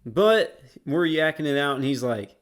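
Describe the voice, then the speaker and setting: A man's voice: a little high, lively intonation, measured pace. A young man casually telling a school story as a YouTuber, slangy and rambling. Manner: slangy, rambling, laid-back.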